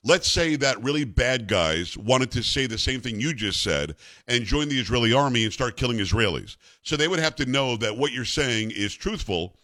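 A middle-aged man hosting a talk radio show, speaking in a brisk, emphatic, bantering way. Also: medium pitch, expressive, pushed and bright.

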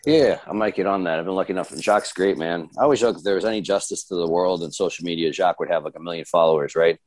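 A man's voice: low-pitched, very fast, a little mellow. A man talking as a podcast guest in a laid-back, casual way, swearing easily and joking at his own expense. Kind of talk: casual chat.

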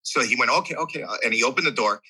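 Middle-aged male guest, husky and forceful, animated storyteller who acts out every quoted voice. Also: medium pitch, rapid-fire, low-quality recording. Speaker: podcast guest. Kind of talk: candid storytelling.

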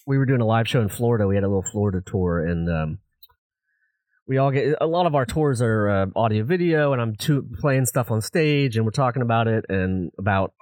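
Male podcast co-host, halting and filler-heavy, with a dry, close sound. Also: mid-range voice, expressive, a little mellow, no echo. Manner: hesitant, filler-heavy recounting. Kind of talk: casual chat. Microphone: video chat.

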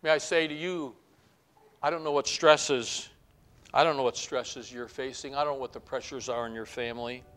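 A man's voice: mid-range voice, steady tone, fairly quick, fairly bright tone. An older man preaching a heartfelt testimony sermon, earnest and building to fervent appeals.

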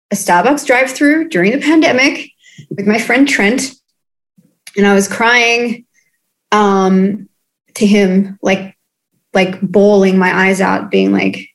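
Earnest casual woman on a video call. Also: medium pitch. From Australia. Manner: earnest, casual, many fillers and restarts. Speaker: DJ and musician guest. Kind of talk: candid interview chat.

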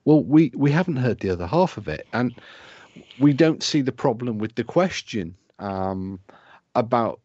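British male co-host, measured and dry, a little hesitant, dry dull sound. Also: medium pitch, lively intonation, darkish tone, husky, no room sound. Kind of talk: casual podcast chat.

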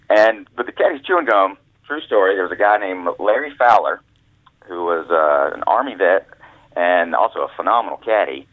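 A man's voice: sits low, lively intonation, a little fast, no room sound. A man, an author and former caddy, telling rambling, folksy stories as a guest over the phone. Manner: rambling, folksy storyteller with restarts. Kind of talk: storytelling phone interview. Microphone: telephone. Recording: tinny phone line, dry.

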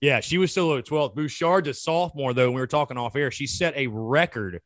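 A man's voice: medium pitch, brisk, no room sound. Laid-back man chatting golf. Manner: relaxed, repeats words, says man and dude. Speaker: podcast host. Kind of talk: casual chat.

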